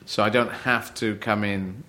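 Rambling, animated man in conversation. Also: lowish voice, a little slow. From Yemen. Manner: rambling, animated, many restarts; acts out other people in raised voices. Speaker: comedian. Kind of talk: casual chat.

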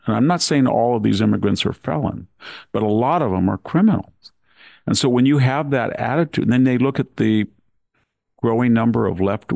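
Man, podcast host, low voice, gravelly, dry close recording, deliberate. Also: a little mellow, dry recording. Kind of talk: conversational commentary.

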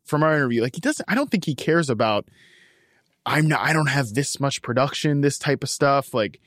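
Brief: male sports podcast co-host, animated pitch, hedges every take, close dry mic. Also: brisk, dry recording. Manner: rambling, hedging opinions with "like" and "I think". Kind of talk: casual sports chat.

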